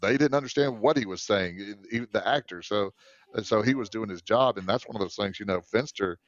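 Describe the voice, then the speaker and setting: A man's voice: on the low side, brisk, dry recording, highs cut off. A man co-hosting a movie podcast in casual chat, rambling with many fillers and restarts. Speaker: podcast co-host.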